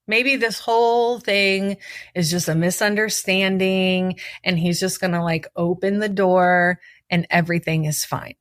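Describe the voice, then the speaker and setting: A woman's voice: mid-range voice, measured pace, a bit bright, dry recording, studio quality. A woman hosting her own show, telling a personal story in a vivid, urgent way and acting out what people said. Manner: vivid, urgent retelling with acted-out quotes.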